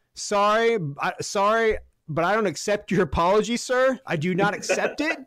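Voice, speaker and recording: A man on a podcast, his voice pitched high for a man, tearing into a football loss. He talks in a heated, sarcastic way, swears freely and pushes toward shouts. The sound is close and dry, with no room around it. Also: dry recording. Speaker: podcast co-host. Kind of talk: profane sports rant.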